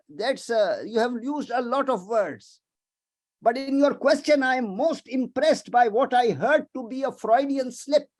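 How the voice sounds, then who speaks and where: A man giving a webinar lecture as a visiting professor, emphatic, animated and prone to digressions, over a video call. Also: high-pitched.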